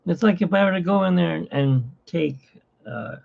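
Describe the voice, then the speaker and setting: A man's voice: fairly high pitch, normal speed, vocal fry. A man hosting a casual livestream from his phone, rambling and chatty with frequent laughs, in dull lo-fi phone audio. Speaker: livestream host.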